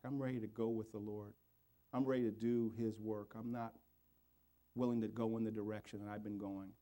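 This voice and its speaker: A man's voice: lowish voice, little pitch movement, fairly quick, mellow. A man preaching a sermon and leading an altar call and prayer, in an earnest, pleading way, his voice rising and falling. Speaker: pastor.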